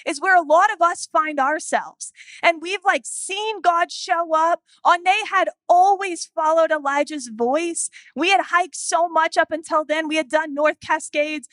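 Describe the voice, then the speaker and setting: A woman in her thirties preaching a sermon, telling a family story in an animated way and acting out the voices. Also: high voice, no room sound. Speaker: pastor.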